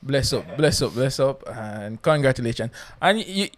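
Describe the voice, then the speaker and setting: A man's voice: medium pitch, expressive, moderate pace. A man from Jamaica hosting a podcast in casual chat, laid-back and laughing, often repeating himself. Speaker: podcast host.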